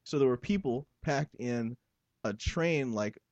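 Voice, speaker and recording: A man's voice: mid-range voice, animated, measured pace, darkish tone, no echo, lo-fi sound. A man chatting casually on a podcast, telling anecdotes. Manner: anecdotal storyteller. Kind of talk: casual chat.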